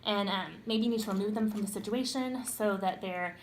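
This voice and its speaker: A woman's voice: medium pitch, brisk, a little hiss or hum. Young adult woman, parenting vlogger; chatty, unpolished delivery with fillers and restarts. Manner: chatty, with frequent ums and self-corrections. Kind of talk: casual talk to camera.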